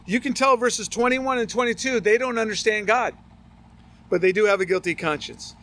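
A man with a high, light voice teaches through a scripture passage. He reads the old verses steadily, then drops into casual, plainspoken asides to his listeners. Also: normal speed, sharp tone. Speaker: preacher. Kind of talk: Bible study sermon.

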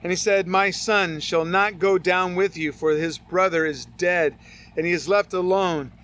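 High-voiced man teaching scripture. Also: fairly even intonation, measured pace, fairly bright tone. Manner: reads scripture aloud with casual asides. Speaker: preacher. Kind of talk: Bible study sermon.

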